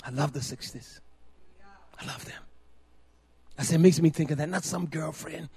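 High-voiced older male preacher, emphatic. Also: normal speed, breathy edge. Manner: swings from quiet storytelling to loud, emphatic preaching with repetition. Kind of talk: sermon.

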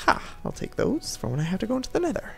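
A man giving lively, theatrical gameplay commentary as a channel host, talking to the game's creatures with mock outrage. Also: high voice, very fast, creaky, soft background music. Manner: animated, theatrical, talks to game mobs with mock outrage.

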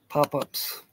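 A man hosting a casual live stream outdoors, rambling and chuckling as he answers viewers by name. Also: a bit bright. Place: outdoors in sunshine.

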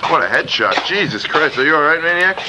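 Excitable swearing man calling backyard wrestling. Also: fairly high pitch, brisk, very noisy. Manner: swears often, loud gasps and laughs. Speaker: backyard wrestling commentator and cameraman. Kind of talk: profane excited play-by-play commentary.

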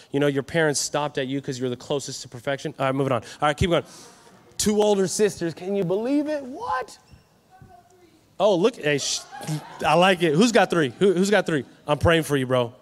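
Animated high-voiced male preacher. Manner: animated, joking with the crowd. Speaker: youth conference speaker. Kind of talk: energetic sermon. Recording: live hall reverb.

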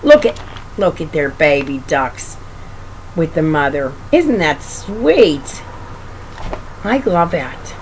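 A woman reads a picture book aloud to young children, slowly and gently. Her voice is lively and sing-song, with a gravelly edge, and she stops for doting asides to the child. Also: low voice, slight background noise, low-quality recording. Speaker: reader of children's books.

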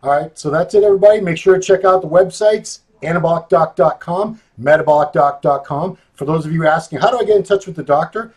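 A man's voice: on the high side, quick pace, hardly any pauses, a little mellow, breathy edge. Joking laid-back male host. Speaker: host, magazine editor. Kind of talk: casual chat.

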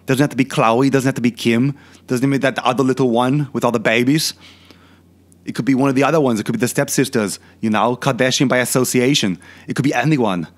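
In a comedic rant, a male fitness channel host puts on a heavy Austrian accent to play a crude, boastful older bodybuilder turned film star who keeps asking filler questions. His voice is natural and medium-pitched, fairly quick with fairly even intonation.

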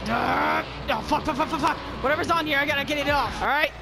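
A woman improvising profane character banter while playing a game, brash and prone to sudden shouts. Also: high voice, fast, gravelly, over loud music. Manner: brash, swearing, bursts into shouts. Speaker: gamer voicing characters over party chat. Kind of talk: improvised profane role-play while gaming.

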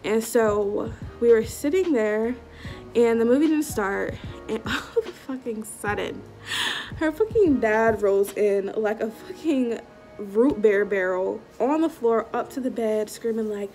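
A young woman telling a story from her high school days on her vlog, tipsy and rambling, with lots of filler words and swearing. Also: unhurried, dark tone, soft background music. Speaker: vlogger. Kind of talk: casual storytime.

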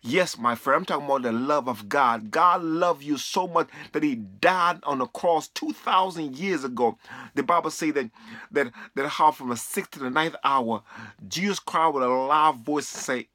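A man's voice: a little high, moderate pace, bright, forceful tone, dry recording, studio quality. A man preaching fervently to a camera, repeating himself and quoting scripture. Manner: fervent, repetitive, quotes scripture. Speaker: street preacher.

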